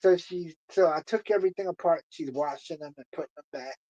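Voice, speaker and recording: A man with a somewhat high voice tells a long story in a loose, rambling way. He circles back, repeats phrases and fills gaps with "you know". The audio is dull and lo-fi. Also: fairly quick, a little mellow. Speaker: streamer. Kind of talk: casual storytelling.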